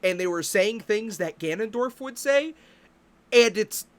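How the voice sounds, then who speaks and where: A male streamer in a profane, exasperated rant, his voice sitting high and swinging wildly up and down. The tone is bright and sharp. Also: expressive, measured pace. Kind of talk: casual stream rant about games.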